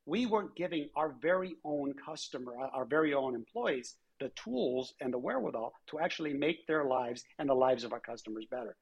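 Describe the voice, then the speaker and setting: Guy with a kinda raspy voice telling work stories, doing little voices for people he quotes, chatty interview. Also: medium pitch, expressive, fairly quick, few pauses, lo-fi sound. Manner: anecdotal, acts out quoted dialogue. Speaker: former airline chief executive, guest. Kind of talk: conversational storytelling interview.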